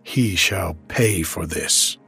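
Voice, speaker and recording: Man doing a growling storybook thunder god, low voice, breathy, slow. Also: pushed and bright, soft background music, heavily acted. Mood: stern. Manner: growling, commanding. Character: mighty angry male thunder god.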